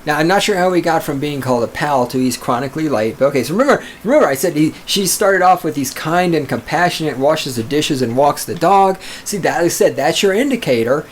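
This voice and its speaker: A man's voice: on the high side, animated, brisk, few pauses, slight background noise. A man hosting a podcast, reading listener letters aloud and ranting at them in a profane, combative, sarcastic way. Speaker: podcast host.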